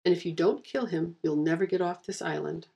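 A woman's voice: lowish voice, steady tone, fairly quick, vocal fry, warm tone, slightly rough, highs cut off. A woman voicing a small, bossy male hare guardian who speaks primly and insistently and gets huffy. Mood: indignant. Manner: prim, insistent, easily huffy.

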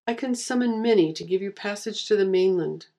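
A woman's voice: mid-range voice, fairly quick, warm tone, lightly acted. A woman voicing a small, bossy male hare guardian who speaks primly and insistently and gets huffy. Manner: prim, insistent, easily huffy.

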